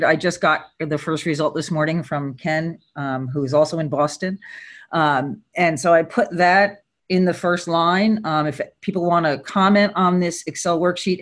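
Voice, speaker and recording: A man making a quick comment in an online meeting, with many fillers and restarts, over a video call. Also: on the high side, fairly bright tone. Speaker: meeting participant.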